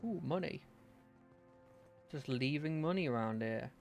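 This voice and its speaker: A man's voice: fairly high pitch, expressive, a little slow. A man giving casual, rambling commentary while playing a video game, with wry asides. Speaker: let's play host. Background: game music.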